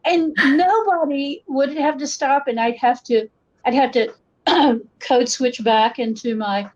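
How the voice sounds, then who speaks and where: A woman's voice: a little high, measured pace. A woman from western North Carolina with an Appalachian accent, a folklorist talking as an interview guest, telling stories with voiced quotes. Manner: storytelling, animated asides with voiced quotes. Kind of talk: casual interview conversation. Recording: dull lo-fi podcast recording.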